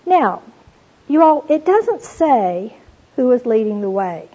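A woman gives a devotional Bible talk, retelling scripture with earnest warmth. Her voice sits a little high and has a husky edge. The recording sounds dull and lo-fi. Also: sing-song, takes it slowly. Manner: earnest storytelling, reads scripture aloud, addresses listeners as "you all". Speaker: Bible teacher.

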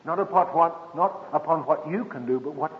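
A man preaching a sermon, slow and emphatic, dropping soft and then lifting his voice again. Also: a little high, husky. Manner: slow, emphatic, with soft drops and sudden lifts. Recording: tinny old radio broadcast with long reverb.

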